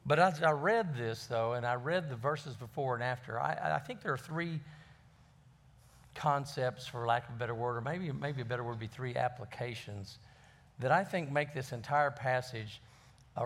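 A man who is a pastor, preaching a conversational sermon in a folksy way and often repeating words as he finds his phrasing. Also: medium pitch.

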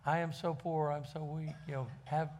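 A man's voice: fairly high pitch, level tone, normal speed, a little mellow, voice pushed up. A man putting on a whiny grovelling beggar. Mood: pleading. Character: pathetic wheedling male beggar.

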